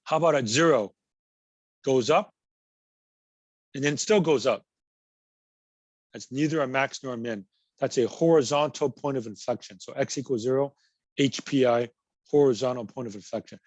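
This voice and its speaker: A man's voice: mid-range voice, moderate pace, long pauses, no room sound, lo-fi sound. A man teaching a college math class, patiently working through examples and repeating key words. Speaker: math instructor. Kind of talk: recorded class lecture.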